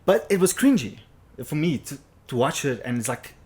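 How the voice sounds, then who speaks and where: A man's voice: on the high side, big pitch swings, normal speed, darkish tone. A young man from South Africa, co-hosting a casual chat show, giving firm opinions with many restarts and hesitations. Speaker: podcast co-host.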